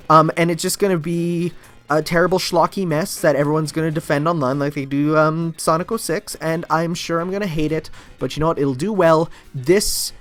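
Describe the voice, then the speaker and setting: A young man hosts a web show in a fairly high voice, delivering a sarcastic, rambling comedy rant. He talks in loose bursts full of fillers. Faint music plays behind him. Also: fairly bright tone.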